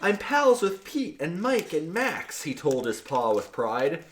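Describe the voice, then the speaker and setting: A man with a somewhat high voice reads verse aloud on a casual podcast. He takes his time and swings his pitch widely, over a faint hiss. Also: big pitch swings, a little slow. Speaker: podcast co-host.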